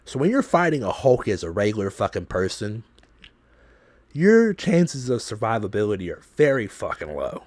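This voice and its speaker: A man hosting a podcast, telling a story in a loose, profane, animated way. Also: lowish voice, normal speed, no echo. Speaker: podcast host.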